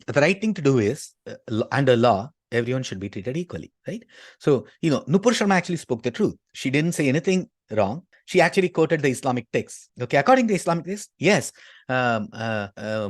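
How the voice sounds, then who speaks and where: A man's voice: medium pitch, sing-song, fairly quick, no room sound, studio quality. A man from Tamil Nadu, giving an argumentative lecture and dropping "okay" between his points. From Tamil Nadu, India. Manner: emphatic, constantly inserts "okay". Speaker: speaker at a talk.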